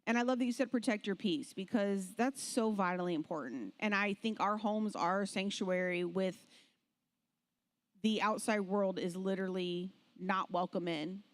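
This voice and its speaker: A woman's voice: medium pitch, normal speed. A woman on a church panel speaking in an emphatic, encouraging way.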